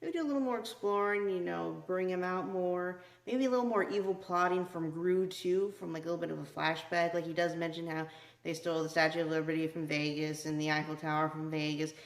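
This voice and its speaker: A woman's voice: lowish voice, steady tone, a little fast. A woman hosting a casual video movie review, talking in a chatty way with lots of "you know" and "like.". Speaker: movie reviewer, channel host. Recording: echoey room.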